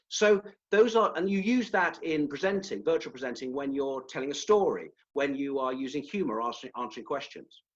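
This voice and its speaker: A man leading a webinar as a presentation skills trainer, animated and demonstrative, sometimes correcting himself mid-phrase. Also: a little high, dull audio.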